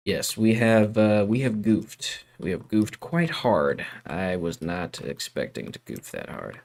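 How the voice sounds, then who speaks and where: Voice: mid-range voice, wildly swooping pitch, slow pace, gravelly, long pauses, darkish tone. A live streamer chatting casually while working on a 3D model, playful and self-mocking, often repeating a phrase over and over.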